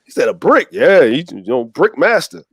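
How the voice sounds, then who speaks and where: Animated man telling a story. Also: on the high side, normal speed, vocal fry, breathy edge. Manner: animated, acts out voices in his stories. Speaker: co-host. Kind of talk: casual storytelling chat.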